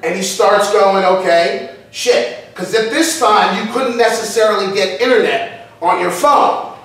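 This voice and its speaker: A man's voice: sits high, moderate pace, fairly bright tone. A man, an acting teacher, telling a profane story in a casual way to a class, acting out his friends' voices. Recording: echoey room, far from the mic.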